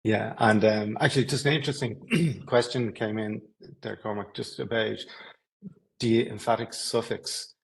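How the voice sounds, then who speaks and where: Gravelly low Irish moderator. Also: male voice, steady tone, normal speed, low-quality recording. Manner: brief, relaying audience questions. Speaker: webinar moderator. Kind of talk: moderating questions.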